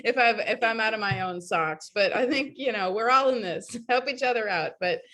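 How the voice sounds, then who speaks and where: A woman guest telling lively, laughing stories about foot care over a video call. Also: on the high side, normal speed. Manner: lively, laughing, animated storyteller. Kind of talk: casual storytelling on a video call.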